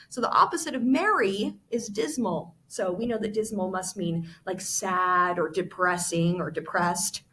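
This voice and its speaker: A woman's voice: medium pitch, lively intonation, moderate pace, few pauses, pushed and bright. A woman teacher explaining vocabulary during a classroom read-aloud, addressing students directly.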